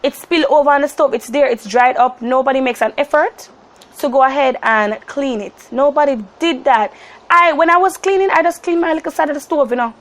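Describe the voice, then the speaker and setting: A nineteen-year-old Jamaican woman tells her story to camera in an animated, chatty way. Her voice sits high, and she keeps sliding into Jamaican patois. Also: brisk. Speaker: vlogger.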